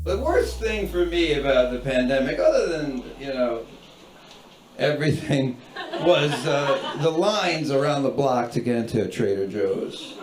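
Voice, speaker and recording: A man's voice: mid-range voice, animated, unhurried, crowd noise. A man doing stand-up comedy in a sardonic, ranting style. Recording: echoey room with loud background noise.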